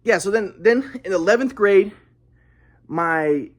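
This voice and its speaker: A young man telling a personal story in a halting way, often repeating words and restarting. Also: sits high, expressive. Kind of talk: casual storytelling monologue.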